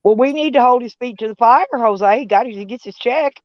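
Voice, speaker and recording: A woman's voice: a little high, a little fast, no room sound. A woman, chatting casually and rambling on a live stream. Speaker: van life live streamer. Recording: dull, dry lo-fi sound.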